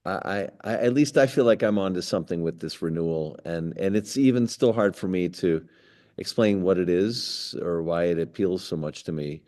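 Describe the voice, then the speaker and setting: A man hosting a community conversation as rabbi, speaking haltingly and repeating words as he forms his questions. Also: low voice, warm tone. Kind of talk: conversational discussion.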